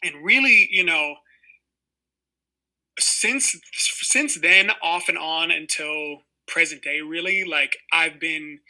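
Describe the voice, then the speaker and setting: A man's voice: fairly high pitch, slow pace, bright, forceful tone, poor audio. A man in his twenties, an actor being interviewed, telling stories casually with lots of fillers and restarts. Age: 20s. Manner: rambling, heavy on fillers like "you know". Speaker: actor guest.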